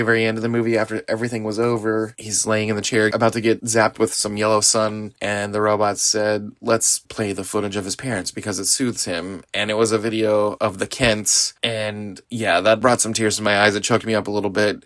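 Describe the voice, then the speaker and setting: A man's voice: on the low side, a bit bright, no room sound, clean studio sound. A middle-aged man from Southeast Missouri hosting a podcast, giving an earnest, enthusiastic and rambling movie review. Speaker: podcast host.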